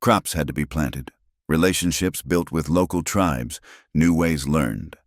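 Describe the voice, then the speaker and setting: A man reading a frontier tale as scripted narration in an even storytelling manner. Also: rumbling low, a little slow, dry recording, clean studio sound.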